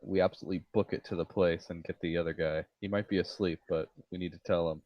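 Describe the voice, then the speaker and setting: An eager man playing a tabletop game, pushing his plans on the group in a bossy way. His voice sits fairly low. It comes through a dull, dry, lo-fi mic. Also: steady tone, quick pace, dry recording. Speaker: player.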